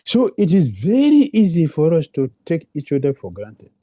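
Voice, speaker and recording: A man's voice: a little high, huge pitch swings, moderate pace, dark tone, dry recording. A man giving a devotional lecture, repeating phrases for emphasis and asking rhetorical questions, in non-native English phrasing. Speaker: preacher.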